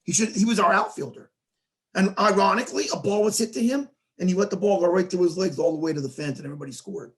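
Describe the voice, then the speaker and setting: Animated, higher-voiced man telling sports stories. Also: quick pace. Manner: animated storyteller who acts out quoted dialogue. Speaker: sports show host. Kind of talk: casual sports talk.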